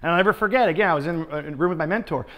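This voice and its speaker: A man, a sales trainer, giving an energetic motivational conference talk, telling stories and calling the audience guys. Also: a little high, very fast, big-room sound. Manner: energetic storytelling, keeps addressing the audience as guys.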